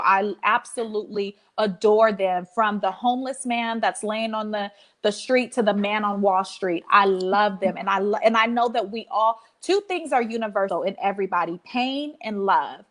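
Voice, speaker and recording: A woman's voice: medium pitch, fairly bright tone. A woman in her thirties, a podcast guest and life coach, talking in an emphatic, preacher-like way and often repeating phrases. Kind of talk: casual heartfelt interview talk.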